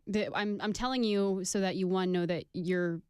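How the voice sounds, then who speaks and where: A woman's voice: medium pitch, fairly even intonation, normal speed, a little mellow, smooth, no echo, clean studio sound. A woman talking on a radio show, earnest and reasoning aloud with plenty of "like". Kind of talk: casual radio talk.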